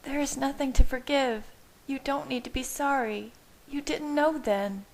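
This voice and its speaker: A woman voicing a gentle, tearful young pregnant wife, speaking softly and pleadingly in a raised voice. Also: high voice, steady tone, unhurried, voice pushed up. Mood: tender.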